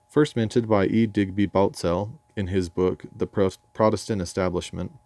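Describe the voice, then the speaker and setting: English man, deep and mellow, dry ironic memoir reading in a dead-dry booth. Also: dry recording. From England. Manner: dry, ironic and erudite, with occasional stumbles over words. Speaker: memoir narrator. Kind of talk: reading his memoir aloud.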